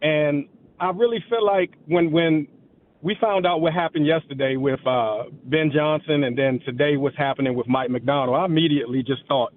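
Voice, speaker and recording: A middle-aged man calling into a radio show, talking in an animated, emphatic way. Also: fairly high pitch, normal speed. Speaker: caller. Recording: tinny phone line.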